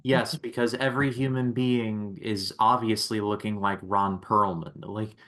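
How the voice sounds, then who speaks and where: A man's voice: fairly low pitch, flat delivery, unhurried, fairly bright tone. A man guesting on a casual movie podcast, easygoing and wry, with lots of "like" fillers.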